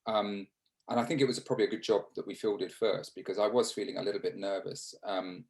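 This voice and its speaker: An English man in his fifties, a former cricketer, telling stories in a casual interview over a video call, halting with restarts and fillers. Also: fairly low pitch, fairly even intonation, a little mellow, poor audio. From England.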